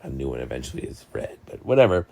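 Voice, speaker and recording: A man's voice: rumbling low, fast, vocal fry, a little hiss or hum. A young man hosting a casual book chat, rambling and joking as he tells stories. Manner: rambling, jokey, lively storytelling. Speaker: book channel host.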